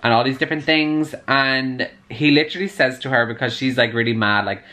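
A man's voice: medium pitch, steady tone, fast, hardly any pauses, bright, forceful tone. A man in his twenties chatting casually in a reading vlog, gushing and full of "like" fillers. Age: 20s. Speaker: book vlogger.

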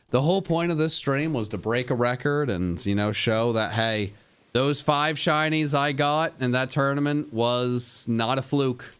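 A man's voice: mid-range voice, measured pace, fairly bright tone, smooth. A young man livestreaming a game, switching between a hyped, goofy streamer voice and glum, self-mocking mutters to his chat. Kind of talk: casual livestream commentary.

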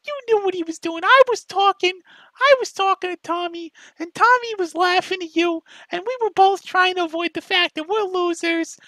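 A man's voice: fairly even intonation, moderate pace, sharp tone, no echo, rough recording. A man doing a mocking impression of a whiny, self-pitying young man who nags a rival with repetitive questions. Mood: whiny pleading. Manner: nagging, repetitive, shrill questioning. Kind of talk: mocking impression in a commentary video.

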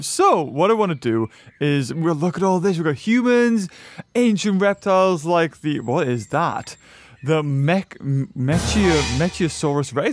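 A man hosting a gaming video, giving excitable gameplay commentary full of exclamations and laughter. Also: high voice, no echo.

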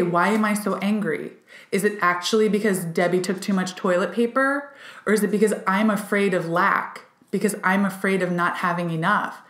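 A woman of average pitch gives an intuitive card reading straight to her viewers. She sounds eager and chatty and fills her talk with "like." Her voice rings in a roomy, echoey space. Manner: excited and chatty, full of "like" fillers. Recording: roomy echo.

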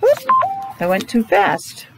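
A woman's voice: mid-range voice, huge pitch swings, slow, background noise. A woman teacher with a Rhode Island accent, chatting to her students as she introduces a picture book, making playful animal sounds.

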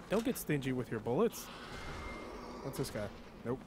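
A man's voice: mid-range voice, sing-song, measured pace. A young man from New York streaming a co-op game, joking and swearing with a friend. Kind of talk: casual gaming chat. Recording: noisy stream audio.

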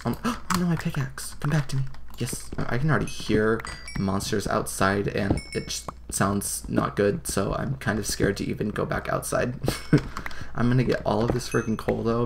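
A young man hosting a let's play, excitable and gasping, leaping to high shrieks when something scares him. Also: normal speed, gravelly. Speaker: gaming channel host. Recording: noisy home recording with keyboard clicks.

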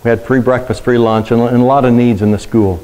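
A man's voice: mid-range voice, fairly even intonation, brisk, a little mellow, rough recording. Man preaching a conversational sermon. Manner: conversational storytelling, asks the congregation questions. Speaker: pastor. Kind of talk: sermon with personal stories.

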